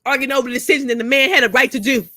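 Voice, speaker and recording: A crying vlogger pours out a tearful, profane, repetitive rant to her camera about her personal feelings. Her voice is high-pitched, steady and sharp, delivered very fast, in a dry, studio-quality recording.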